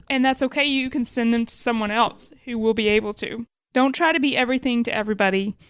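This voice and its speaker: A woman's voice: a little high, clear, resonant tone, dry recording. A woman, originally from Alabama, talking through business lessons on her podcast in a conversational way, thinking aloud and correcting her wording as she goes. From Alabama, USA. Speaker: podcast co-host.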